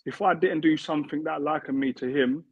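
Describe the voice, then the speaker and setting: A man's voice: fairly high pitch, fairly quick, breathy edge, dry recording. A man in his thirties, a former football player, talking earnestly as an interview guest and repeating himself as he builds a point. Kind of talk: casual interview chat. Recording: tinny phone-like remote line, dry.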